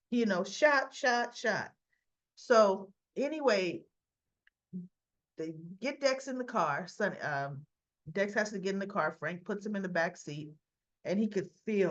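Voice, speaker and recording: A woman giving a chatty, animated soap opera recap. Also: medium pitch. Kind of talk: casual recap. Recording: dull lo-fi recording.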